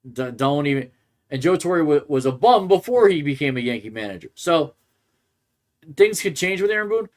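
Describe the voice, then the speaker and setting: A male sports podcast host in a casual, rambling rant. He keeps stopping and restarting his sentences as he talks, at a medium pitch for a man. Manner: rambling, restarts often, ranting.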